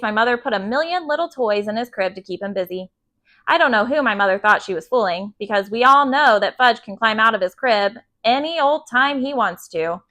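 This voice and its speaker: A woman storyteller reading a children's chapter book aloud at bedtime, steady and gentle. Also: on the high side.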